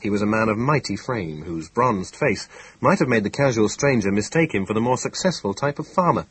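A male audiobook narrator reading a classic detective story in a measured, even way. His voice is husky and mid-pitched, recorded close and dry with no room sound. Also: dry recording, low-quality recording. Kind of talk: scripted narration.

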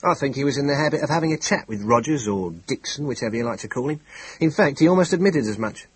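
A man reading an audiobook, voicing a calm, efficient male police inspector who speaks quietly, clearly and decisively. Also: mid-range voice, fast, no echo, pitched above the performer's own voice, low-quality recording. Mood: calm, matter-of-fact.

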